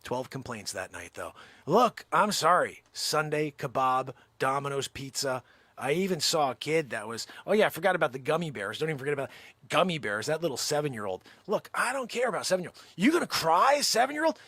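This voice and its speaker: A man hosting a comic monologue, telling a story in an animated, exaggerated way. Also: medium pitch, quick pace, no echo. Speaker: host.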